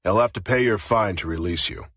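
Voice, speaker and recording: A man's voice: lowish voice, fairly quick, fairly bright tone, slightly rough, no echo, studio quality. A man voicing a stern police sergeant with an Irish accent, speaking curtly in an audiobook. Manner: stern, curt.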